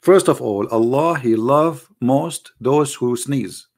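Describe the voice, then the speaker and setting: A man's voice: medium pitch, takes it slowly, darkish tone. Sarcastic man with an Arabic accent. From Arab world. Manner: mocking, rhetorical, speaks straight to the audience. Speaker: online religion critic. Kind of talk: sarcastic monologue to viewers.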